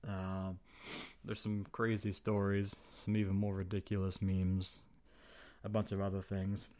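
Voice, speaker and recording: Flippant, profane young man, lowish voice. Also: completely flat delivery, measured pace, warm tone. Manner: flippant, profane, slangy, acts out quotes. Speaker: podcast host. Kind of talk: casual opinion monologue.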